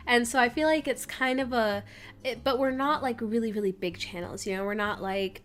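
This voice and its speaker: A woman's voice: medium pitch, a bit bright. A young woman YouTuber chatting casually in a rambling, self-deprecating way over a building video. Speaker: Sims YouTuber. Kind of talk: casual voice-over chat during speed build.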